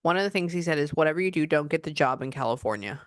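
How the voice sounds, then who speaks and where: A woman's voice: low voice, expressive, racing, dry recording, studio quality. A woman psychic medium giving a client reading, chatting and often quoting the spirit's messages.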